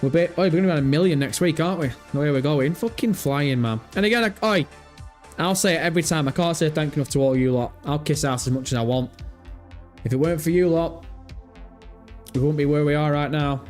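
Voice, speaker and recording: A man's voice: a little high, fast, faint music behind. A man hosting a casual live stream, talking animatedly, thinking aloud and swearing freely.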